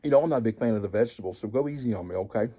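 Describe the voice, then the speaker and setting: A man's voice: on the low side, animated, very fast, warm tone. A man hosting a home cooking vlog, tasting his food and chatting casually with folksy, joking asides to viewers. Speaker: home cooking show host.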